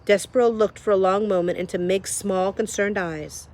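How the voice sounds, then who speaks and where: A woman reading a children's novel aloud in a lively storytelling manner, speaking to the listener. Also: medium pitch, moderate pace. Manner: lively storytelling, addresses the reader. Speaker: reader.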